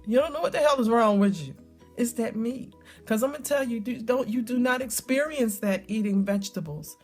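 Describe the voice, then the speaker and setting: A woman's voice: fairly high pitch, fairly quick, a little mellow, faint music behind. Middle-aged woman vlogger, chatty and emphatic, repeats lines for weight. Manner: chatty, storytelling, emphatic repetition, frequent ums. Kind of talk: casual talk to camera.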